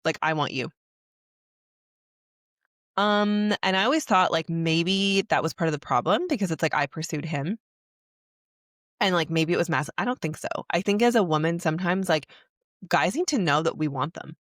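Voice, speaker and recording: A woman's voice: fairly low pitch, animated, moderate pace, pauses often, dry recording, clean studio sound. A young woman hosting a podcast, telling an emotional personal story in a candid, rambling way full of "like". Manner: candid, emotional, heavy use of "like". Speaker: podcast host.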